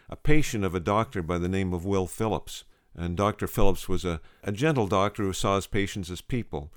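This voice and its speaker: A man's voice: low-pitched, no echo, clean studio sound. A man preaching a storytelling sermon, earnest, quoting scripture.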